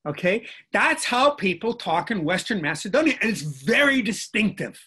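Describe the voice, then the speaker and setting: An older man, a guest linguistics professor, explaining in a lively, discursive way on a video call and often checking in with "right?". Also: sits high, moderate pace, slightly rough.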